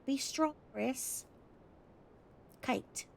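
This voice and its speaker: A woman's voice: sits high, extremely slow, gravelly, a little hiss or hum, voice pushed up, full character voice. A woman voicing a caring Australian woman in her thirties, reading her heartfelt letter aloud in a put-on Australian accent. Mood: earnest, kind.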